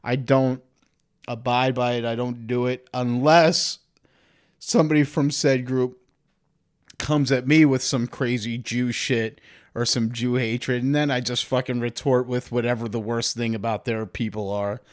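A man's voice: mid-range voice, level tone, a little slow. A man hosting a podcast, talking in a rambling, profane, comedic monologue. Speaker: podcast host.

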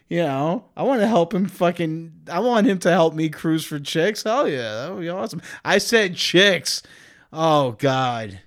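Brief: male podcast host, slightly high voice, loose, profane, comedic rambling. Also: expressive, moderate pace. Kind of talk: casual comedic monologue.

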